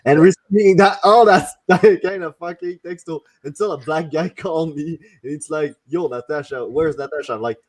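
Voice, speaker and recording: A man's voice: fairly high pitch, normal speed, hardly any pauses. Man telling a story. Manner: swearing, storytelling with quoted voices. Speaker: podcast co-host. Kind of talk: casual group chat.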